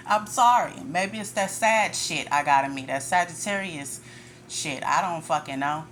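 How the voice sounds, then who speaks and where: A woman's voice: low voice, unhurried, a bit bright, slight background noise. A woman tarot reader ranting in a casual monologue, blunt and profane, with frequent laughter.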